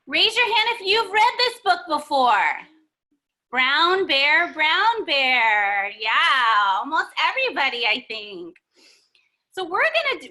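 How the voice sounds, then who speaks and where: A woman's voice: very high voice, sharp tone. A young woman teaching a story-time yoga class for children in an encouraging, sing-song way, recorded on her computer's microphone. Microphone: computer mic.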